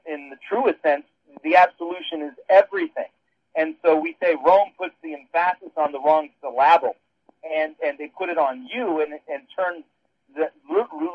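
A man with a voice on the high side explains theology on a radio show, rambling and frequently restarting. The recording is dry, with a dull phone-line sound.

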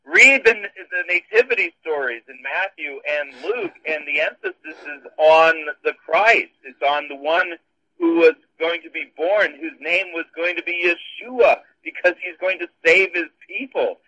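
A man's voice: fairly high pitch, measured pace, sharp tone, dry recording, poor audio. A man, a pastor, explaining scripture in a casual discussion with wry, dry humor.

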